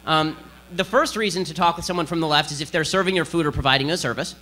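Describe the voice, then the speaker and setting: Man, fast-talking sarcastic lecturer with a slightly high, sharp voice and a faint mains hum. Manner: rapid-fire, combative and sarcastic. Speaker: political speaker giving a lecture. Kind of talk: speech to an audience.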